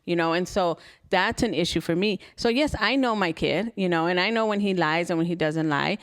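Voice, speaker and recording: A woman's voice: on the low side, fairly quick. Blunt, heated woman telling stories. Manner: heated, blunt storytelling with cussing. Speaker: podcast co-host. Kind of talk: casual chat.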